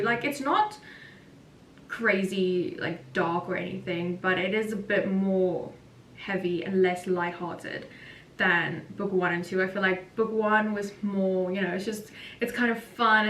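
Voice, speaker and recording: A woman's voice: fairly bright tone, distant mic. A woman from South Africa, an author, chatting casually in a rambling vlog and laughing often. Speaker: author vlogger. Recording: roomy echo, voice from off-mic, faint rumble.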